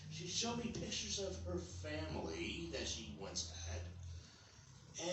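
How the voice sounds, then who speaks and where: Older guy doing open-mic stand-up, chatty and meandering, roomy distant sound with some noise. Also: medium pitch. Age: 60s. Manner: rambling, conversational storytelling. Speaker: stand-up comedian. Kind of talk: stand-up comedy set. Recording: echoey club from far off, audience noise.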